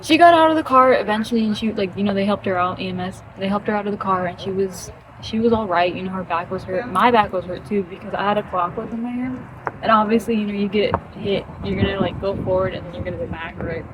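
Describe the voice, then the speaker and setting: A chatty young woman rambles through a casual story time, her talk packed with fillers. Her voice sits at an ordinary middle pitch. Clear traffic noise from a street outside runs underneath. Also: fast talker.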